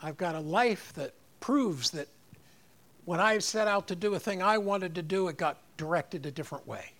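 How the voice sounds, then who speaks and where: A man's voice: high voice, moderate pace, fairly bright tone. A man preaching a sermon, rising on key phrases and leading the congregation in repeating lines. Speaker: pastor.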